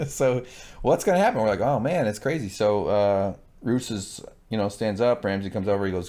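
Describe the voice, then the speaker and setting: A man's voice: on the low side, brisk, darkish tone. A young adult man co-hosting a casual TV recap, swearing and acting out characters in exaggerated voices. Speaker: co-host.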